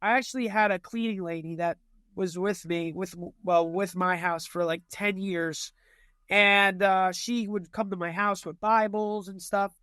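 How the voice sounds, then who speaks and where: A man's voice: sits high, fairly even intonation, a little slow, bright, forceful tone, smooth, no room sound. A young man telling ghost stories in casual chat, rambling with lots of fillers and restarts. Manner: rambling, filler-heavy storytelling.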